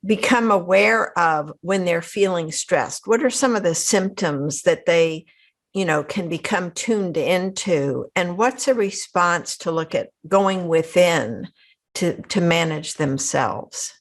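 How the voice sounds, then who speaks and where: A woman hosting a podcast interview, asking slow, thoughtful questions. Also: fairly low pitch. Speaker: podcast host.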